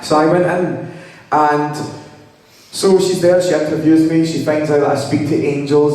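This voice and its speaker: A young man tells his personal story to an audience in a lively, humorous way, acting out the dialogue. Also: fairly high pitch, moderate pace. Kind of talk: storytelling talk. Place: hall with audience. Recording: echoey hall from far off.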